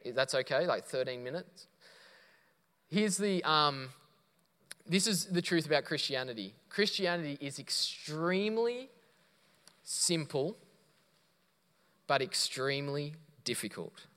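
A man's voice: on the high side, lively intonation, measured pace, long pauses, bright, forceful tone. A man preaching a sermon, telling a story and quoting others before building to emphatic points. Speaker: pastor. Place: church auditorium. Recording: long reverb of a church hall.

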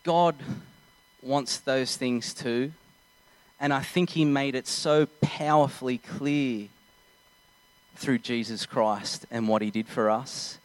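A man's voice: mid-range voice, dry recording, rough recording. A young man preaching a sermon in an earnest, conversational way, acting out little scenes as he goes.

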